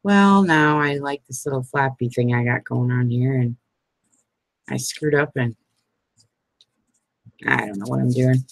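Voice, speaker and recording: A woman's voice: rumbling low, unhurried, creaky, long pauses, no room sound. A middle-aged woman chatting casually as she makes crafts, rambling, laughing often and poking fun at herself. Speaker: craft vlogger. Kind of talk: casual chat while crafting.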